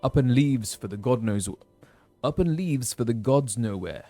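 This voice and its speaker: An actor playing an older male frontier villager, reading game dialogue aloud in a warm, unhurried storytelling manner with pauses. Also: medium pitch, expressive, no echo, soft background music, lightly acted. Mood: wistful.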